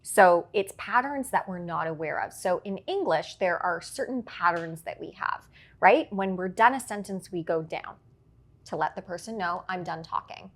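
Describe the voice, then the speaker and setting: A woman's voice: on the low side, normal speed. Articulate woman coaching on speaking. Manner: articulate, explains with examples and frequent "right?". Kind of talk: instructive interview answers.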